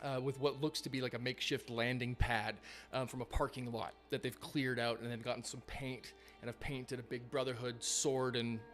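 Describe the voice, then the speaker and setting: A man's voice: mid-range voice, level tone, normal speed, hardly any pauses, fairly bright tone, faint music behind. A man running a live tabletop game as game master, narrating casually with lots of fillers and swearing.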